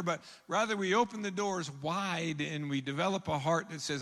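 A man preaching in a church sanctuary, his voice sitting a little high for a man and trailing a long reverb through the room. He talks earnestly, swelling to emphatic peaks, then sinking to hushed lines. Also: moderate pace, few pauses. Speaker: pastor. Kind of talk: sermon.

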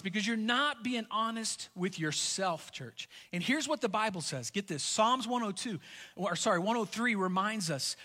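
High bright-voiced male pastor preaching. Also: big-room sound. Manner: conversational storytelling, repeats key lines for emphasis. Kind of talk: sermon.

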